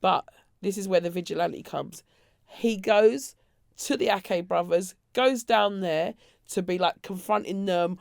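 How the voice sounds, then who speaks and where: A woman, co-hosting a podcast and telling a story with lively acted-out quotes and frequent laughter. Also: fairly low pitch, unhurried, creaky, no room sound, clean studio sound. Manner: animated storytelling, acts out quotes, laughs often. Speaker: podcast co-host. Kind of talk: casual chat.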